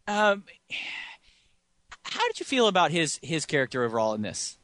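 A man's voice: a little high, wildly swooping pitch, normal speed, a bit bright. A man co-hosting a podcast, rambling through casual movie chat and chuckling often. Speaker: podcast co-host.

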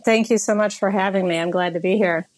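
A woman's voice: medium pitch, steady tone, fairly quick, dry recording. A middle-aged woman pilot answering interview questions earnestly, with a few fillers. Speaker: guest, airline pilot.

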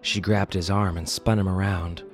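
A man's voice: low voice, flat delivery, moderate pace, faint music behind. A man hosting a fiction podcast who reads a dramatic story aloud expressively, then adds wry casual asides. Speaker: podcast host and story narrator.

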